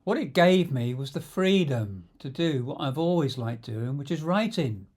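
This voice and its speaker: A middle-aged man telling stories from his own life in an unhurried, conversational way. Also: fairly high pitch, expressive, a little mellow. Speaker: storyteller and coach. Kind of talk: memoir storytelling.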